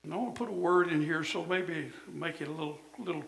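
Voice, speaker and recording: Older man, pastor, emphatic sermon delivery, surges loud then drops low, echoey sanctuary sound. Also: fast, gravelly, soft background music. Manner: emphatic preaching, rising to shouts then dropping low. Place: church.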